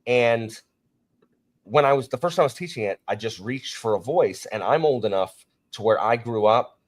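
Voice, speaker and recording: A man hosting a casual book discussion, talking in an animated, rambling way with frequent restarts. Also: mid-range voice, moderate pace. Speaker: podcast host and teacher.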